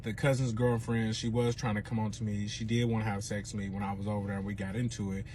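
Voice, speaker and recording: A man voicing his hesitant, placating boyfriend in a low, hushed, stumbling way. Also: flat delivery, fast, slight background noise, close to an everyday voice.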